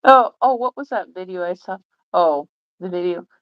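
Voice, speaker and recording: A woman's voice: on the low side, moderate pace, dull audio. A woman chatting on a livestream in a rambling way, full of fillers and restarts. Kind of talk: casual livestream chat.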